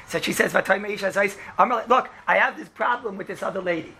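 A man teaching a casual class as a rabbi, telling the story in an animated way and acting out the quoted lines, with lots of "right?" and "you know". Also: high voice, quick pace, gravelly, husky. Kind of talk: casual classroom Torah lesson.

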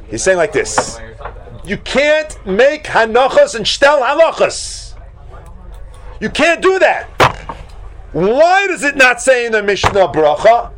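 A man leading a Talmud class, animated, acting out the voices in the debate and breaking into shouts. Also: high-pitched, unhurried, slight background noise. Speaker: Talmud teacher. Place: classroom with students.

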